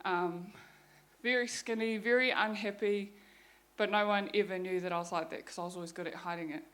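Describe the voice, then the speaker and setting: This young woman from New Zealand talks a little fast, her medium-pitched voice fairly bright and fairly even in intonation. As a guest speaker, she retells her story in a blunt testimony, cursing freely.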